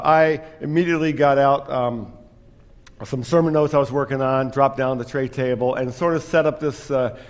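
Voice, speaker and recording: A man's voice: medium pitch, long reverb tail. A man preaching a sermon as pastor, telling a story with self-deprecating humor.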